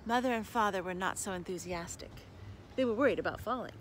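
A woman reading a children's picture book aloud with slow, expressive storytelling, with background noise. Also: mid-range voice. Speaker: storybook reader.

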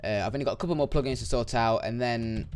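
A young man giving casual, excitable gameplay commentary that swings into loud, frustrated yelps. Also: mid-range voice, fast talker, slight background noise. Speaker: gaming YouTuber.

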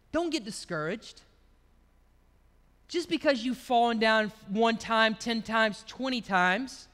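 High-voiced, bright-toned preacher in a hall. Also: male voice. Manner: conversational preaching, storytelling. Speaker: pastor. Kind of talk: sermon. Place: church.

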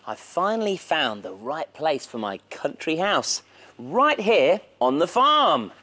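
A man's voice: a little high, big pitch swings, slow, pushed and bright. A man presenting a children's TV show in a cheerful, inviting way. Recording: music playing behind.

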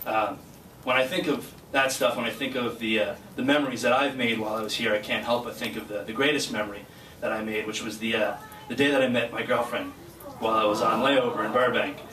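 A man's voice: medium pitch, steady tone, a little fast, a crowd in the background. Earnest man telling a story from stage. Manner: earnest, chatty storytelling with laughs. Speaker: guest speaker, flight crew member. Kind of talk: personal speech with anecdote. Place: hall at a graduation ceremony. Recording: distant mic in echoey hall, noisy.

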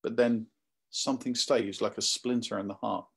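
A man preaching a sermon in a conversational, animated storytelling manner. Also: on the low side, normal speed, gravelly, husky.

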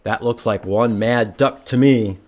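With a medium-pitched voice and a measured pace, this man reads a picture book to children during library storytime. He stays lively throughout, pausing to quiz the kids and imitating animal noises.

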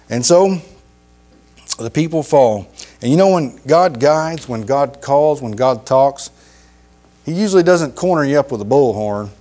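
A middle-aged man preaching a sermon in a folksy, emphatic way, repeating phrases and dropping low for emphasis. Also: darkish tone.

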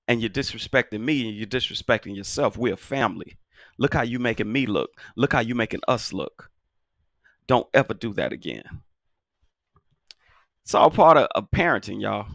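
A man's voice: medium pitch, creaky, a bit bright, dry recording. A man giving parenting advice in a casual monologue, emphatic and folksy, repeating phrases for stress. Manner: folksy, talks straight to viewers.

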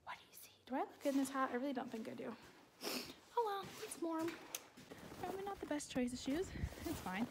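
Bubbly high-voiced young woman vlogging. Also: lively intonation, brisk, pauses often, heavy background noise. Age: 20s. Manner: bubbly, chatty, often laughing. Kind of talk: casual vlog chat. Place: horse barn and outdoors.

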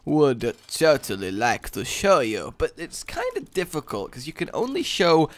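A man's voice: fairly high pitch, huge pitch swings, unhurried. A man giving comedic gameplay commentary, goofy and rambling, with silly sing-song bits. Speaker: gaming YouTuber.

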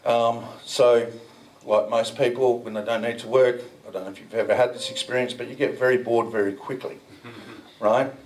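Speaking at an indoor conference, a man who founded a crypto business tells the audience a story in a casual, rambling way, swearing mildly. His mid-range voice is steady and at normal speed, recorded far from the mic at low quality.

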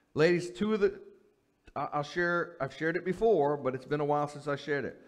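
A middle-aged man, a pastor teaching a women's Bible study in a conversational way, repeating his key phrases and checking in with "okay?". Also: a little high.

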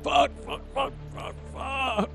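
A man voicing a panicked middle-aged male executive who swears and begs for mercy in a frantic, high-pitched shout. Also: fairly even intonation, takes it slowly, creaky, soft background music, exaggerated voice. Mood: terrified.

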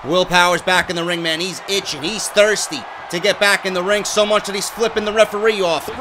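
A man giving excitable, profane wrestling play-by-play over a video game he is playing, often shouting. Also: high-pitched, brisk, noisy background. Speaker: gameplay commentator.

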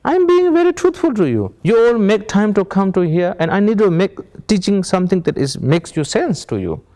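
High-pitched and warm, with big pitch swings and a normal speed, a man's voice delivers an informal meditation teaching to an audience. He uses plain non-native English, asks rhetorical questions, and chuckles as he tells stories.

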